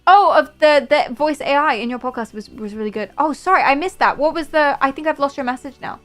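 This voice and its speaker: Excitable young woman streamer, high voice. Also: a little fast, faint music behind. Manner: gushing, excitable, talking to chat. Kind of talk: casual live-stream chat.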